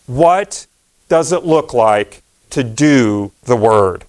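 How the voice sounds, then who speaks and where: A man's voice: fairly high pitch, expressive, slow. A man pastor preaching a sermon in a conversational way, repeating key phrases and using fillers.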